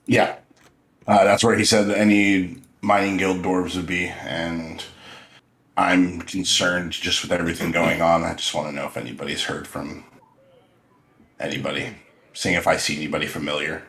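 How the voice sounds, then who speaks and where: A man playing a tabletop game, relaxed and halting. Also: sits low, creaky, echoey room. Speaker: player.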